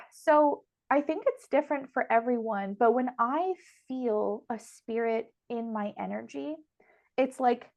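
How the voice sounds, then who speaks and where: Chatty laughing woman, higher voice. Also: measured pace, gravelly, darkish tone, dull audio. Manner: chatty, laughs often, emotional. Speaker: podcast host and medium. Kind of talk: casual conversation.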